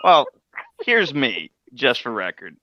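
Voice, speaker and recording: A man's voice: mid-range voice, wildly swooping pitch, slow pace, highs cut off, a crowd in the background. A man as a podcast guest, chatting playfully and laughing often. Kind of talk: casual chat.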